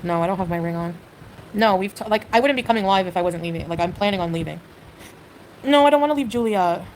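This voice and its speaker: A woman's voice: mid-range voice, quick pace, darkish tone, slight background noise, low-quality recording. Hesitant rambling woman on a livestream. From Canada. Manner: hesitant, rambling, full of "like" and "you know".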